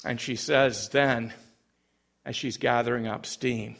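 A man preaching as a pastor, telling a story in an animated way and acting out voices. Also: mid-range voice, slow pace, vocal fry. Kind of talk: sermon storytelling.

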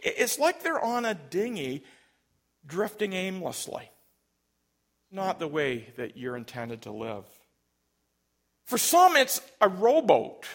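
A man's voice: high voice, huge pitch swings, slow pace, pauses often. A man, a pastor, preaching an emphatic sermon and telling stories. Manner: emphatic, storytelling, big swings in loudness.

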